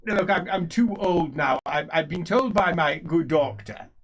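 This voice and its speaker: Man voicing an old grouch who stammers and is rudely blunt, raised pitch, loud. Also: animated, measured pace. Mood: grumbling. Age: older. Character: grumpy blunt old man, rude and rambling.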